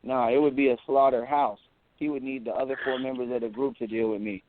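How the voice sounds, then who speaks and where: A man's voice: medium pitch, fast, a little hiss or hum. Boastful man over tinny phone-like sound. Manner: boastful, animated storytelling, repeats words. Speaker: interview guest, rapper. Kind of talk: casual interview talk.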